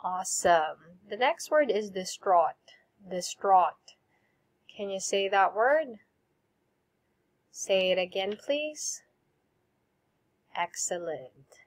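Slow, clear woman teacher drilling vocabulary. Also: mid-range voice, lively intonation. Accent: Filipino English. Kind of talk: recorded vocabulary lesson.

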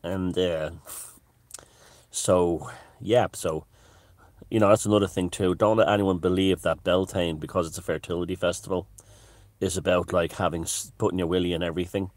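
Very deep-voiced man rambling on camera. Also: steady tone, moderate pace, darkish tone, dry recording. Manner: rambling and jokey, with many fillers and restarts. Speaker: vlogger. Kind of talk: casual monologue to camera.

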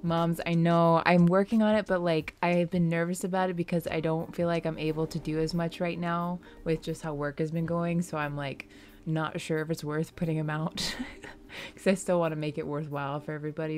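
A woman streaming live, chatting casually with her audience, giggly and excitable and often breaking into laughter. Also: low voice, moderate pace.

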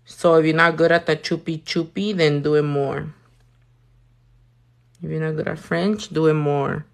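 A woman's voice: low voice, steady tone, unhurried, creaky. A woman, chatting casually and cursing freely while livestreaming her nail work. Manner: sassy, swears a lot, mixes in Spanish.

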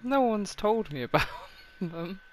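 Casual guy narrating his gameplay, a bit high-pitched, dry and sarcastic, cusses freely. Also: animated, a little slow, a little hiss or hum, poor audio. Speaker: let's play host.

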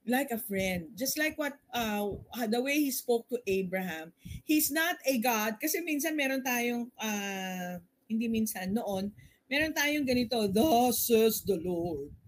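A woman's voice: on the high side, lively intonation, unhurried, low-quality recording. A middle-aged woman with a Filipino accent, teaching a Bible study in an earnest, explanatory way. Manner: switches between English and Tagalog, earnest and explanatory.

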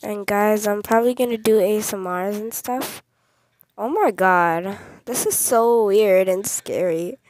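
In a medium-pitched, darkish voice at a measured pace, a young woman comments excitedly on gameplay for her channel. She's easily scared, talks directly to viewers, and repeats short phrases over and over.

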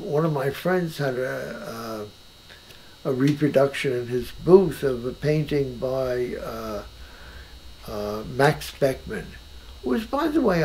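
An older man talks in a relaxed conversation in his own house. His voice is rather high and gravelly, and its pitch swings widely. He speaks emphatically and often restarts his thoughts. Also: a little hiss or hum, poor audio. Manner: animated, emphatic, with many restarts. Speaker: painter being interviewed. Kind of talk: casual conversation.

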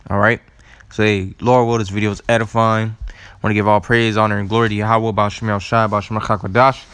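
Low-voiced man teaching scripture slowly. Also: little pitch movement, fairly bright tone, clean tone, dry recording. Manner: slow, deliberate, spells out words and repeats them; casual asides with "all right" and "man". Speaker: religious teacher. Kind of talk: scripture teaching and word study.

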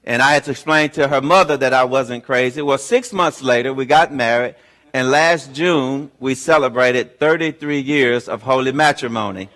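A man in his fifties giving a chapel talk, telling a funny personal story with lively acted-out dialogue. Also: medium pitch, moderate pace. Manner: humorous, animated storyteller who acts out dialogue. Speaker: guest chapel speaker. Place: university chapel.

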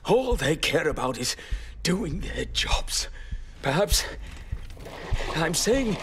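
A man voicing a cryptic, intense man in a video game who is trapped forever and serves a Mother, speaking slowly and sometimes dropping to a whisper. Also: on the high side, big pitch swings, a bit bright, a little hiss or hum, heavily acted. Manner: intense, theatrical, drops to whispers.

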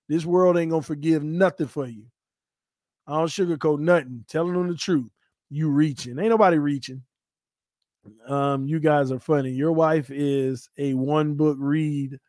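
A man from Florida hosts a sports livestream and banters with his chat. He jokes and trash-talks with a slightly high voice. The sound is close and dry, with no room echo. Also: fairly even intonation, moderate pace, darkish tone. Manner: playful trash talk, laughing, reading chat aloud. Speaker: sports talk livestream host. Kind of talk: casual live-chat banter.

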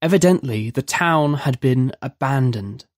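A narrator reading a dark horror story aloud in a measured, vivid storytelling manner. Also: medium pitch, lively intonation, no room sound, studio quality. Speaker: narrator of a horror audio drama.

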